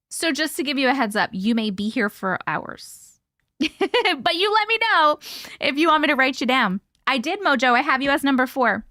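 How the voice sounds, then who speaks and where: Woman livestreamer reading chat out loud, bright sharp voice, super playful and giggly. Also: fairly high pitch, no room sound, clean studio sound. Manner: chatty, playful, quick to laugh, greets viewers by name. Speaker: livestream host. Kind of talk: casual livestream chat, reading viewer comments aloud.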